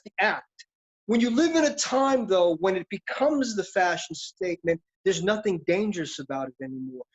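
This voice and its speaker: A middle-aged man, an actor, talking in a reflective, philosophical, street-casual way in an interview. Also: high-pitched. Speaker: actor guest. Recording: dull lo-fi sound.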